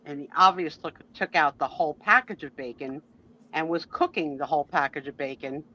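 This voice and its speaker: A woman's voice: low-pitched, a little fast, a little hiss or hum. A woman chatting casually on a live stream, telling stories with firm opinions. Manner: animated storyteller, opinionated. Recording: dull lo-fi audio.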